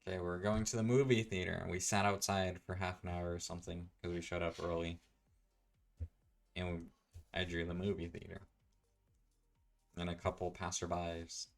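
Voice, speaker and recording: Low-voiced man rambling quietly. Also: little pitch movement, moderate pace, gravelly, long pauses, soft background music. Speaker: artist streamer. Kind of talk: casual rambling commentary.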